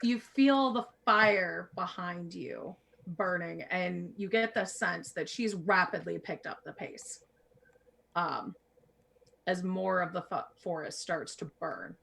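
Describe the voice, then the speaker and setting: A woman narrating as game master of a tabletop game, calm and measured with small fillers. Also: lowish voice, creaky, slight background noise.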